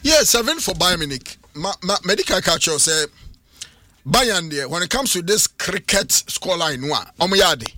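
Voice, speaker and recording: A man with a Ghanaian accent arguing emphatically as a pundit in a studio sports debate, sometimes shouting. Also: high-pitched, moderate pace, no room sound. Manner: animated, emphatic, bursts into shouting.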